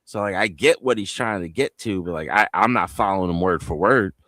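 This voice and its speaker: A man's voice: low voice, a little fast, fairly bright tone, no echo. A man from New Jersey on a live panel, telling loose stories full of street slang and swearing. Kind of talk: casual live panel chat.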